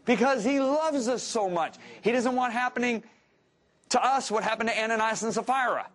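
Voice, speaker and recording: A middle-aged man preaching a sermon, telling a personal story and asking rhetorical questions, moving from emphatic to soft and low. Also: normal speed.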